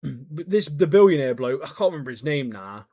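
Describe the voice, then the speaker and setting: A man's voice: a little high, lively intonation, moderate pace, mellow, slightly rough, no echo, clean studio sound. A man co-hosting a podcast, chatting casually in slang and acting out characters' lines. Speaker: podcast co-host. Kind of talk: casual chat.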